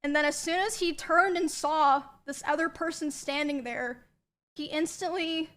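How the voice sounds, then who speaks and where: A woman quietly recounting a personal experience, subdued and hesitant with many pauses and ums. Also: high voice. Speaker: streamer telling a personal story. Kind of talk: soft-spoken personal account.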